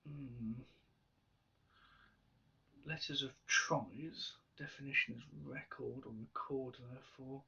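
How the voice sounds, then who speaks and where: A man solving a crossword aloud, musing slowly with half-whispered asides. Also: medium pitch, fairly even intonation, gravelly, bright, forceful tone, husky, far from the mic. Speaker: crossword solver. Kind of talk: thinking aloud while solving. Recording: slightly dull lo-fi sound.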